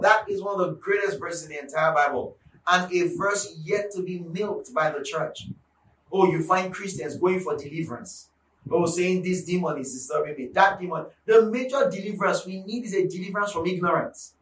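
A high-pitched man delivers a fiery sermon, repeating key lines for force and rising into shouts. He sounds set back from the mic in an echoing space, with a faint hum of noise underneath. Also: fairly quick. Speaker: preacher. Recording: echoey room, mic at a distance, faint background noise.

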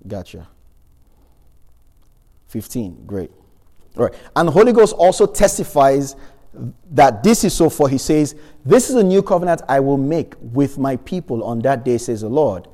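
A man's voice: mid-range voice, lively intonation, normal speed, warm tone, in a large hall. A man preaching a sermon, reading Bible verses and asking the congregation questions with emphasis.

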